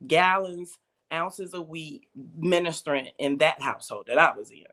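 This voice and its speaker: A woman's voice: sits low, normal speed, a bit bright. A woman telling her personal faith testimony in a casual conversation, emotional and storytelling, acting out quoted voices. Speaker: guest.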